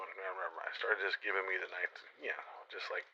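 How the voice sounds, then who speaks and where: A man's voice: deep voice, level tone, fast talker, vocal fry, pushed and bright, a little hiss or hum. A man in his forties from New Mexico telling an improvised post-apocalyptic story in the first person, rambling, profane and sardonic. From New Mexico, USA. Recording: dull lo-fi recording.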